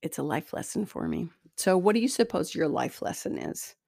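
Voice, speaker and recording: A woman's voice: deep voice, wildly swooping pitch, normal speed, creaky, a little mellow, no echo, studio quality. A woman hosting a self-help talk as an energy healer, speaking in a candid, conversational and self-deprecating way. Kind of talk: spoken self-help monologue.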